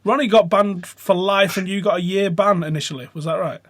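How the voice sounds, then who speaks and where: A man's voice: high-pitched, brisk, a little hiss or hum. A man hosting a podcast, asking short casual questions of his guest. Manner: brief interjections, relaxed questions. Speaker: podcast host. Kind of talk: casual interview chat.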